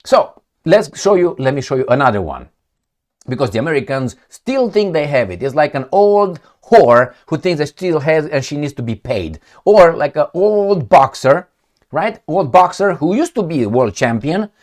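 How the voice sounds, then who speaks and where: A man's voice: a little high, normal speed. Middle-aged romanian guy ranting on his vlog, sarcastic, voice goes way up and down. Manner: animated, sarcastic, digressive. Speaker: political commentator. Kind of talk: casual commentary vlog. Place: at home with his cat.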